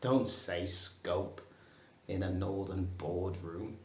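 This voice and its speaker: A man teaching a comic lesson, dry and mock-serious, putting on higher voices for the phrases he quotes. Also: sing-song, slow pace, a little hiss or hum. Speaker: English teacher. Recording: echoey room.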